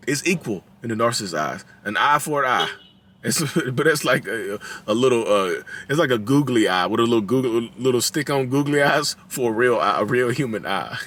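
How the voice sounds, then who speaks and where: Medium in pitch and fairly bright, this man's voice carries a Southern drawl as he hosts his own channel in his thirties. He gives casual talking-head commentary to viewers, acting out quotes in a raised voice and laughing at his own humor.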